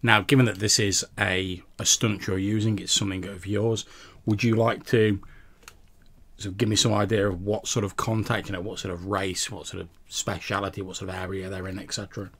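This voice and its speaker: Gravelly-voiced male game master. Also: on the low side, level tone, fairly quick, fairly bright tone. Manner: descriptive, with frequent restarts. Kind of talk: narrating a tabletop game.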